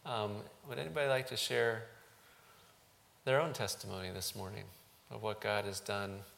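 A man, a pastor, speaking haltingly to his congregation and leading a prayer. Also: lowish voice, fairly even intonation, gravelly, fairly bright tone. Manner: halting, with frequent ums. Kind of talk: church service address and prayer.

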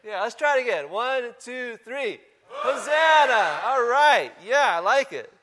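A man's voice: very high-pitched, expressive, moderate pace, bright, forceful tone. A man preaching a sermon in a church, talking casually and asking the congregation questions. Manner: conversational, asks the congregation questions. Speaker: pastor.

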